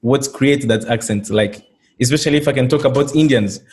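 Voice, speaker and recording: A man's voice: mid-range voice, fairly quick, a little mellow. A man from Congo, a French speaker, hosting a casual conversation. He talks earnestly and often repeats words as he starts a thought. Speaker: host.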